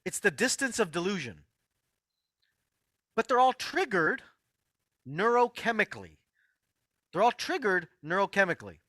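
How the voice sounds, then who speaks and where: Bright, animated man lecturing emphatically. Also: high voice, moderate pace, pauses often, dry recording. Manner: emphatic, repeats key phrases, addresses listeners directly. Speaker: host of an online healing workshop. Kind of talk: motivational health lecture.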